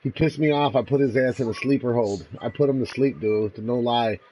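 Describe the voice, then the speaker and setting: A man's voice: mid-range voice, fairly quick, warm tone, a little hiss or hum, rough recording. A laid-back man chatting on a livestream while fishing outdoors, laughing and swearing casually as he tells stories and greets viewers. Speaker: streamer.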